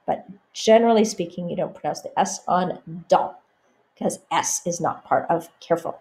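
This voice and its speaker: A woman teaching French pronunciation over slides. She says each example phrase slowly and clearly, then explains it more quietly. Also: fairly low pitch.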